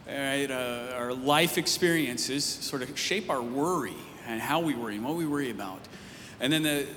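A man's voice: fairly high pitch, fairly bright tone. A man preaching a casual, conversational sermon as a pastor, telling stories to his church. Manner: casual storytelling, rising emphatic near the end. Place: church sanctuary. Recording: long hall reverb, faint noise.

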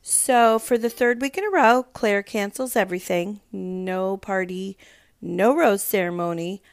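A woman podcast host talks in a casual, rambling way, her voice congested and stuffed up. She is sarcastic and full of asides, with a gravelly fry in her mid-range voice, recorded dry and close. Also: medium pitch, a little slow, no echo. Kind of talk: casual TV recap chat.

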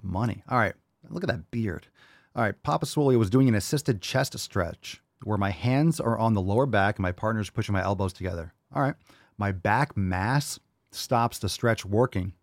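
A man's voice: lowish voice, darkish tone, dry recording, studio quality. A man hosting a live question-and-answer show, reading viewer questions and answering in a hyped, jokey, profane way. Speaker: host.

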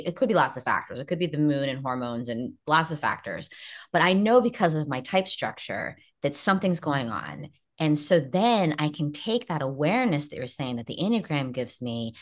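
Low-voiced woman therapist chatting. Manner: animated, acts out her own inner voices. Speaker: therapist guest. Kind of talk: casual podcast chat.

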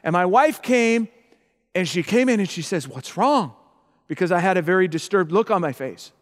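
A middle-aged pastor's voice sits high and runs a little fast as he gives a sermon, repeating himself and asking the audience "okay?" to check in. The sound has long hall reverb.

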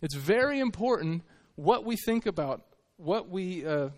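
A man, a missionary, giving an earnest, conversational sermon with halting restarts. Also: high voice, lively intonation. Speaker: missionary preacher.

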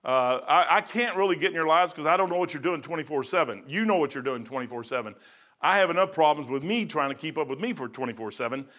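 A man's voice: a little high, animated, fast, a bit bright. A man in his sixties preaching an informal sermon in a folksy, rambling way with joking asides. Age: 60s.

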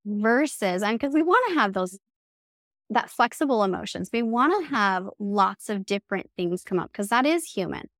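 A woman's voice: medium pitch, lively intonation, normal speed, no echo, clean studio sound. A woman in her thirties, a therapist speaking earnestly in a podcast interview, acting out quoted phrases as she explains. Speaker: guest, somatic therapist and mindset coach.

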